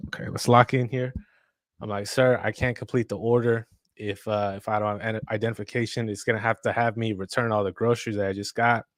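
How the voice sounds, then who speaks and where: Low-voiced man telling a rambling story. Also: flat delivery, a little fast, dry recording, studio quality. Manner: rambling storyteller, acts out quotes, many fillers. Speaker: podcast co-host. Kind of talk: casual chat.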